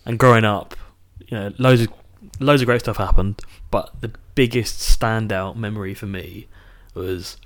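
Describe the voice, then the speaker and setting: A British man in his twenties co-hosting a podcast, telling an animated childhood story and swearing casually. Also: fairly low pitch, normal speed, hardly any pauses. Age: 20s. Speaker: podcast co-host.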